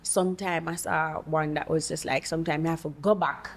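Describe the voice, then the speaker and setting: A woman's voice: low-pitched, steady tone, fairly quick, creaky, a little hiss or hum. Candid young woman on a podcast. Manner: candid, laughs often, trails off and restarts. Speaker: podcast guest. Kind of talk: casual chat.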